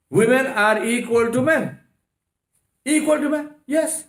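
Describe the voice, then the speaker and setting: A man lectures in a mosque with a raised, fairly high voice. He drives home each point with rhetorical questions and rapid strings of "no." His voice rings around the room. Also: wildly swooping pitch. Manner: emphatic, rhetorical questions, repeated "no, no, no". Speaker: Islamic lecturer. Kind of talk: religious lecture. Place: mosque hall. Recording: echoey mosque hall.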